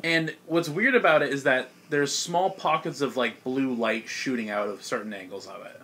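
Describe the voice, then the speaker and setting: A young man runs a tabletop game for his friends in a loose, chatty way. His voice sits at an ordinary middle pitch, and he laughs easily between rules and narration. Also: bright, forceful tone. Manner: casual, laughs often, quick voice snippets for monsters. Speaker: game master.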